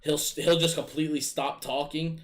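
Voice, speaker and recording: A man casually telling gaming stories in a profane, animated, exasperated way. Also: a little high, normal speed. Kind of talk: casual storytelling chat.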